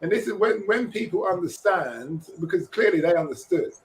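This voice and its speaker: A man's voice: high voice, moderate pace, a little hiss or hum, rough recording. A man, talking animatedly and jokingly in a casual podcast discussion. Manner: animated, jokey, slips into quoted voices. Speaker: podcast co-host.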